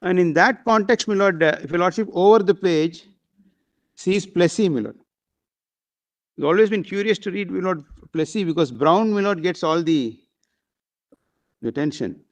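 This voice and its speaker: High-voiced advocate addressing judges. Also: male voice, moderate pace, pauses often. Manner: deferential, peppered with "my lord" and hesitations. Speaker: advocate arguing before a bench. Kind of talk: courtroom argument.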